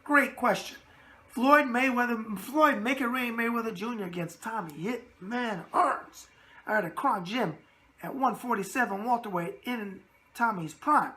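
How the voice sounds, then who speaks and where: A raspy-voiced man with a New York accent runs a boxing mailbag show. He talks in a brash, streetwise way and keeps coming back to his catchphrases. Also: very high-pitched, a little slow, pushed and bright. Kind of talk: casual boxing mailbag talk.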